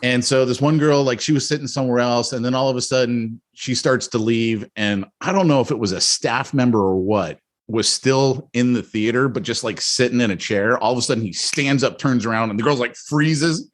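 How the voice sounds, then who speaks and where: A man co-hosting a podcast, casually retelling a story with lively quoted asides. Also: medium pitch, a little fast, few pauses. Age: adult with a ten-year-old son. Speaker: podcast co-host.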